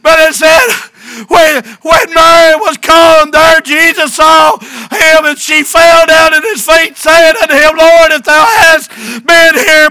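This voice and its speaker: A middle-aged man, a pastor preaching a fervent sermon with drawn-out words. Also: very high-pitched, sharp tone, no room sound. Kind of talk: shouted sermon.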